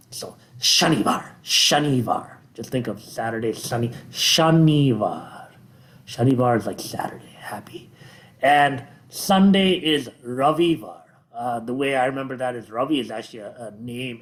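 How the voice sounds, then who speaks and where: A man teaching vocabulary in a casual lesson, repeating each word and spelling it out letter by letter, patient and encouraging. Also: on the high side. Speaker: language teacher.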